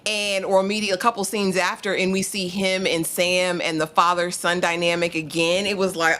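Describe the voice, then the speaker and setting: Bright-voiced woman co-host. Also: on the low side, moderate pace, hardly any pauses, slight background noise. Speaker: co-host reviewing a TV episode. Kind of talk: casual review chat.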